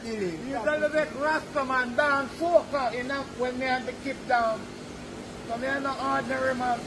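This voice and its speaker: A man's voice: very high voice, fairly even intonation, normal speed. Older Jamaican man in street noise. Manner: playful, boastful, peppers talk with "you know". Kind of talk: casual chat. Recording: loud street noise and crowd.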